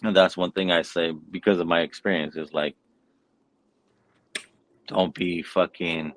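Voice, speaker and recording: A man's voice: deep voice, flat delivery, measured pace, a little hiss or hum, rough recording. A man hosting a casual chat, telling a long story loosely and swearing constantly. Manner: profane, rambling storyteller. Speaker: podcast host.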